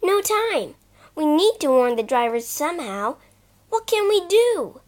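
A woman's voice: sits high, very animated, unhurried, pitched above the performer's own voice. A woman voicing a bold, teasing boy who gives eager, bossy orders.

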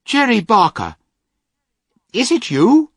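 A man's voice: high-pitched, huge pitch swings, slow, breathy edge, no room sound, studio quality, voice pushed up, full character voice. A man voicing a polite, well-to-do lady in a storybook reading. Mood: cordial. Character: well-to-do lady, cordial and concerned.

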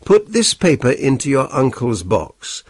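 A man voicing a sharp male detective who speaks in a brisk, commanding way, raised above his reading voice. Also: medium pitch, very animated, breathy edge, no echo, clean studio sound, full character voice.

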